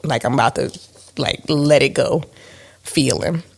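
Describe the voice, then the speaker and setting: A woman's voice: extremely low pitch, unhurried, vocal fry, husky. A woman co-hosting a podcast in a casual chat, candid and self-mocking, with many fillers. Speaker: podcast co-host.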